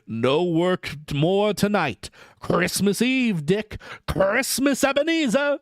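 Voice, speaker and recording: A man putting on a jolly fat old boss, booming high. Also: lively intonation, slow, no echo, studio quality. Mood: jovial. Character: jolly fat old male employer, jovial.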